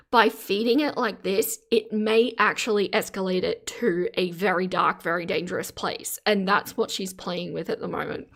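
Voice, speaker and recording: A woman live streaming from her phone, commenting casually and exclaiming in sympathy as she reads her chat aloud. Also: mid-range voice. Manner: earnest, exclaims in sympathy while reading chat. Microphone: phone camera.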